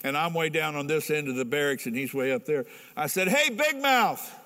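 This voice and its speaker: A man's voice: on the high side, steady tone, quick pace, a bit bright. A middle-aged pastor preaching a sermon in a folksy, emphatic way, asking the congregation questions as he tells a story. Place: church hall with a congregation. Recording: long reverb in a large hall.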